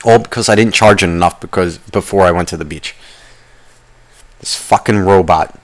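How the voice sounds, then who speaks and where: A young podcast host with a low-pitched voice tells a long story at a moderate pace. It's casual and rambling, full of restarts, asides and constant swearing.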